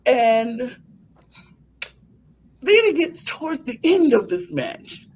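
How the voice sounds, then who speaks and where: A young woman on a podcast recapping a wrestling match in animated casual chat, acting out her own gasps and laughs. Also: fairly high pitch, takes it slowly, husky, rough recording. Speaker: podcast co-host.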